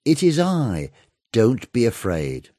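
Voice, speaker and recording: A man voicing Jesus in a Bible story reading, with calm, measured authority. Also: mid-range voice, no echo, studio quality, full character voice.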